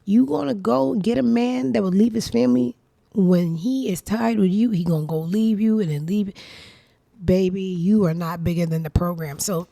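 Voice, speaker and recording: A woman's voice: mid-range voice, moderate pace, creaky, mellow, dry recording, clean studio sound. A woman hosting her own show, giving casual gossip commentary in a blunt, sassy, profane way. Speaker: show host.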